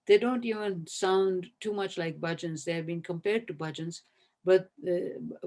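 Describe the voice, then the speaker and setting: A woman professor speaks in a measured, reflective way over a video call, working through her ideas aloud. She hesitates now and then with small fillers and restarts before settling on her point. She sounds like she is explaining something in a webinar. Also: on the low side, mellow. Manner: measured, thoughtful, frequent hesitations and self-corrections. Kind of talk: webinar talk answering a question.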